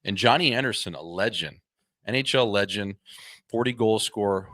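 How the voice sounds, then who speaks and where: A man co-hosting a hockey podcast, telling casual, animated stories about his pro career and swearing freely. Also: fairly low pitch, moderate pace, no echo, clean studio sound. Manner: animated anecdotes with quoted voices, swears freely. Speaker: podcast co-host, former pro hockey player. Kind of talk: casual chat, storytelling.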